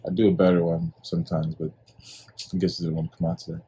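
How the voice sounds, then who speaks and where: Young man, podcast host, casual rambling commentary, low pitch, warm dark tone. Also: very animated, fast talker, gravelly, breathy edge. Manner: laid-back, rambling with many fillers.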